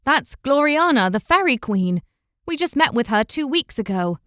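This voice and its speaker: A woman's voice: high-pitched, big pitch swings, moderate pace, no echo, studio quality. A woman voicing a determined, outspoken young heroine in a fantasy audiobook, firm and insistent. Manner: forceful, insistent.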